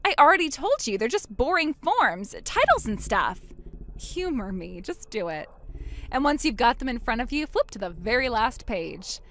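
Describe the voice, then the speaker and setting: A smug, cruel younger sister, played by a woman, gloats in a high, lively voice that swoops up into mocking peaks. She taunts in a sing-song way, savoring every jab. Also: moderate pace. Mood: gloating.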